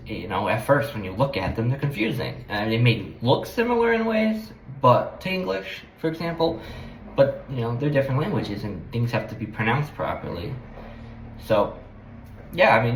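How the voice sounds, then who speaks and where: A man's voice: medium pitch, slight background noise. A man talking about languages in a casual, rambling way, hesitant, with many fillers and restarts. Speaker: language-learning vlogger. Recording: echoey room with faint background ambience.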